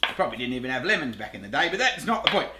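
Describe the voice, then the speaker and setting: A man's voice: mid-range voice, sing-song, racing, roomy sound, background noise. A middle-aged Australian man hosting a home cooking show, chatting casually to camera, rambling, laughing at himself and swearing lightly.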